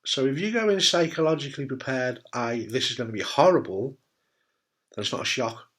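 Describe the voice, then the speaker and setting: A man's voice: medium pitch, brisk, fairly bright tone. A middle-aged man from the UK, a cancer survivor talking candidly to camera, blunt and jokey, swearing casually and often asking "right?". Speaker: testicular cancer survivor giving advice.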